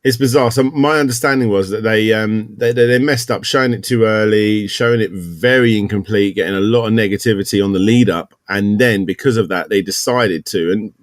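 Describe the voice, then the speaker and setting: A man's voice: lowish voice, fairly quick, hardly any pauses, dry recording, clean studio sound. A British man hosting a casual gaming news podcast, rambling and correcting himself as he goes. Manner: rambling, self-correcting, upbeat. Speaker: podcast host.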